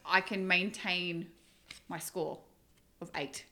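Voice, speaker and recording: A woman's voice: lowish voice, fairly even intonation, slow, sharp tone. A woman co-hosting a podcast in casual chat, swearing freely and laughing as she talks. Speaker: podcast co-host.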